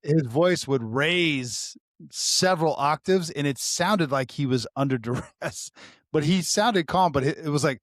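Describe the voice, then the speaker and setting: A man, a former deputy co-hosting a podcast, telling animated stories and laughing often. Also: on the high side, normal speed, no echo, studio quality. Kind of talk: casual storytelling chat.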